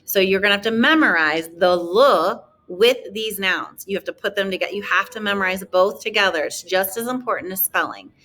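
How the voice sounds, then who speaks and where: A woman's voice: medium pitch, bright, forceful tone. A woman teaching a French lesson, explaining grammar in a chatty, encouraging way and drawing out model words for students to repeat. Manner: slow, drawn-out model pronunciations for repetition. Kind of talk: classroom language lesson.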